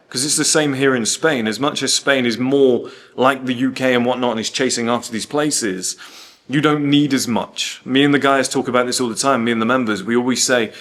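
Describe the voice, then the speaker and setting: A young man talking in a casual vlog, animated and swearing, telling travel stories with quoted asides. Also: mid-range voice. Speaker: host.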